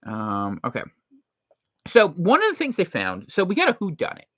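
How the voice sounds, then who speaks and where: A man hosting unscripted commentary, jokey and animated, with quick impressions thrown in. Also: high voice, no room sound. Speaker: host. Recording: dry, slightly muffled lo-fi recording.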